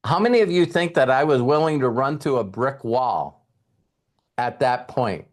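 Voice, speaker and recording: A middle-aged man giving a motivational talk, retelling a conversation with halting repeats and emotion. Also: mid-range voice, animated. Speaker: network marketing trainer.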